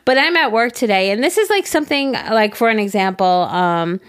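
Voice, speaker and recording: A woman's voice: medium pitch, expressive, moderate pace, smooth. A young woman co-hosting a podcast, chatting casually and getting emotional as she tells a story. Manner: emotional, storytelling, gushing about her students. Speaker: podcast co-host. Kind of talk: casual chat.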